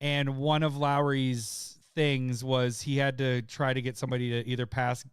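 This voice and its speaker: A man co-hosting a podcast, telling a story in casual chat, laughing often and putting on loud voices of his friends. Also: mid-range voice, moderate pace, clean tone, dry recording, clean studio sound. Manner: laughing, animated storyteller who shouts impressions of friends. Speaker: podcast co-host.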